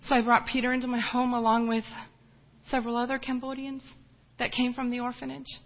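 A woman missionary giving an earnest, emotional personal testimony, often halting and restarting as she speaks. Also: a little high, completely flat delivery, highs cut off.

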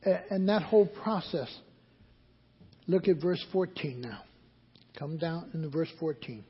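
Husky, slow-preaching man in a hall. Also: high voice, animated. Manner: call-and-response questions to the congregation. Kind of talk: sermon. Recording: dull recording with long hall reverb.

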